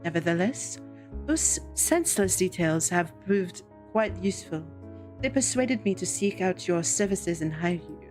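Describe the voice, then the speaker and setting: A woman voicing a tall, coolly polite female witch with a put-on French accent, speaking in a slow, formal and smug way. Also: lowish voice, animated, darkish tone, soft background music. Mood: smooth. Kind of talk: reading a visual novel aloud.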